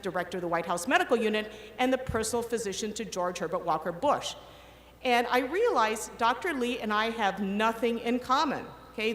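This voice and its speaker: A middle-aged woman giving a commencement speech, telling an animated story and acting out the quoted voices. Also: fairly high pitch, a little hiss or hum. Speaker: commencement speaker. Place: large ceremony hall. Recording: echoey hall with long reverb, faint ambience.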